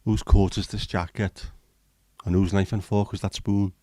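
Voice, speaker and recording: A man's voice: fairly low pitch, level tone, moderate pace, dark tone, no room sound, clean studio sound, natural voice. A man putting on a corny Welsh joke-teller. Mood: jokey. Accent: put-on Welsh. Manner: jokey, punchline delivery.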